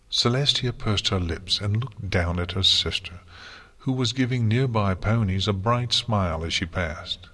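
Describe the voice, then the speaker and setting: A man reads a storybook aloud in a steady, even manner. His voice sits low and carries a husky grain. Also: measured pace. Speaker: narrator. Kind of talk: storybook reading.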